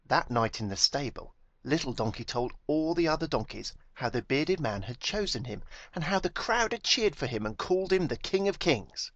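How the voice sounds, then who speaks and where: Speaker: man. Style: storybook narration by the author. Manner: gentle, expressive. Pitch: middle but lively. Room: dry, close mic. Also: normal speed, dry recording. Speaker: author reading his own book.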